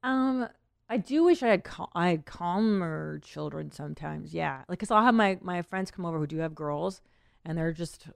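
A woman's voice: lowish voice, lively intonation, normal speed, vocal fry, dry recording, studio quality. Candid, giggly woman podcast host. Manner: candid, giggly, rambling with fillers. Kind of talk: casual podcast chat.

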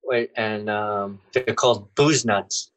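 A man's voice: fairly low pitch, steady tone, slow pace, fairly bright tone, low-quality recording. A man guesting on a podcast in casual chat, loose and profane, often laughing as he talks.

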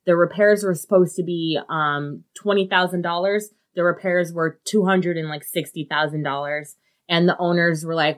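A woman's voice: lowish voice, normal speed. Casual woman telling a story on a podcast. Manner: casual, loose, swears freely, many "like" fillers. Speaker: podcast co-host.

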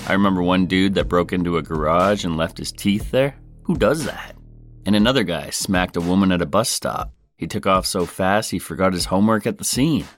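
A man's voice: low-pitched, fairly bright tone. A man hosting a comedy podcast, joking and playful as he tells stories. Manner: jokey, playful, quick swings in delivery. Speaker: podcast host.

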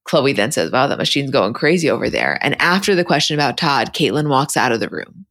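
A woman's voice: very deep voice, big pitch swings, fairly quick, fairly bright tone. A woman co-hosting a podcast, bluntly retelling a reality show episode in casual chat. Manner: retells scenes quoting the cast, blunt. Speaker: podcast co-host.

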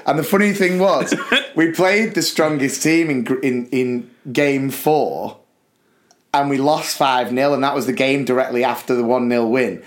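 A man, a podcast co-host and school sports coach, telling a story in an animated chat and acting out excited shouts. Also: medium pitch, unhurried.

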